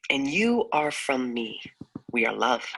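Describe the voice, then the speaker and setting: Bright voice reading a poem aloud. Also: medium pitch, sing-song, slow pace, low-quality recording. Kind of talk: poem recitation.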